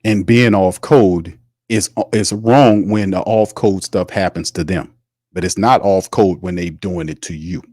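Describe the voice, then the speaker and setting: A man with a deep, low voice delivers fiery sports opinions, preachy and blunt, firing rhetorical questions at his audience. He swears freely as he builds his case. The sound is dry and close, with no room echo. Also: fairly even intonation, a little slow, darkish tone. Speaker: sports podcast host.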